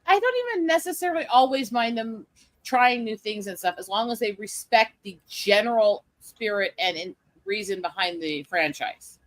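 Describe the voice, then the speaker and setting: A woman's voice: medium pitch, lively intonation, moderate pace. A woman hosting a casual stream chat, blunt and opinionated, swearing freely as she talks. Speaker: stream host.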